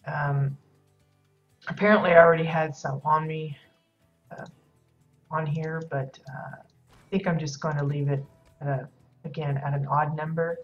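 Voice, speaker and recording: Low-voiced woman streaming her game build. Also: flat delivery, unhurried, pauses often. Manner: rambling, hesitant, many fillers. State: losing her voice. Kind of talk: casual live-stream commentary. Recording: dull lo-fi stream audio with music.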